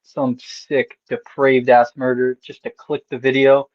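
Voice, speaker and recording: A man's voice: mid-range voice, level tone, measured pace. A man calling in to a show, ranting in a profane, emphatic way over dull lo-fi call audio. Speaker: caller. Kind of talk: casual call-in rant.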